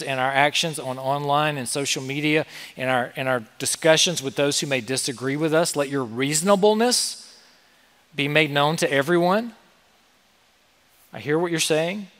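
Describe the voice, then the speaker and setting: Bright-voiced preacher in a reverberant hall. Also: male voice, on the high side. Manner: swings from quiet and tender to loud, rising emphasis. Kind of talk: sermon.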